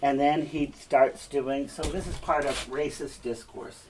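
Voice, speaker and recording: Slow-talking male teacher giving a lecture. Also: mid-range voice, steady tone, a little mellow, slight background noise. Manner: unhurried, explains step by step, often checks with "okay?". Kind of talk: classroom lecture.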